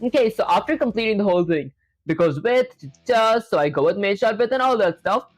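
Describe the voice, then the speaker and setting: Faint, gentle music sits under this casual coding stream, where a programmer talks a little fast and animatedly in a voice pitched squarely mid-range. Their talk is loose and full of "like," sprinkled with easygoing self-mockery and frequent calls to "guys" in chat.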